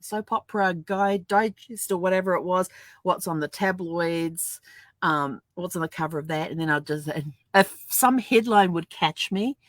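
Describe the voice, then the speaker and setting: A woman's voice: lowish voice, moderate pace, dry recording. An older woman chatting casually to camera at home, laughing often and acting out little dialogues as she tells stories. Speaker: vlogger. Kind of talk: casual storytelling vlog.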